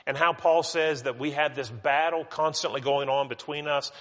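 A man's voice: a little high, steady tone, moderate pace, a bit bright. A man from West Virginia, teaching a Bible study sermon in a conversational way with many restarts and asides. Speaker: preacher. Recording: long hall reverb.

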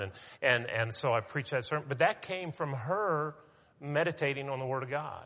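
A man preaching a sermon with a bright, forceful voice. He talks the way you would in conversation, with restarts, and slows right down to stress a point. The voice carries a long reverb from the church hall around him. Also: mid-range voice. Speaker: pastor.

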